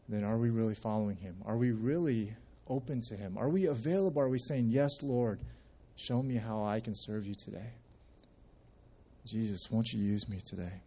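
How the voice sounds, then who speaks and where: A man's voice: mid-range voice, warm tone, slightly rough. Conversational man telling a church story. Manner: conversational storytelling with many restarts, acting out quoted speech. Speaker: church member sharing at a service. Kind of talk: casual church testimony.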